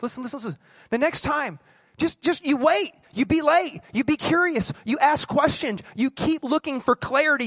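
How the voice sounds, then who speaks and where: Guy pastor preaching, kinda high voice, chatty, keeps asking the room stuff, dry close sound. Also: a bit bright, no room sound. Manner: conversational preaching, quizzes the congregation and acts out quick asides. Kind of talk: sermon. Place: church.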